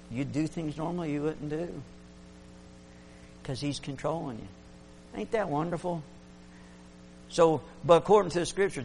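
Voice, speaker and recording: A man preaching a fervent sermon, swinging between loud exclamations and hushed asides. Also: a little high, gravelly, a little hiss or hum.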